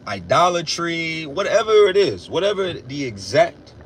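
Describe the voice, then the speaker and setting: A man giving a casual, preachy religious monologue, blunt and profane, with loud emphatic bursts. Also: a little high, very animated, a little slow, noisy background. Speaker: religious commentator.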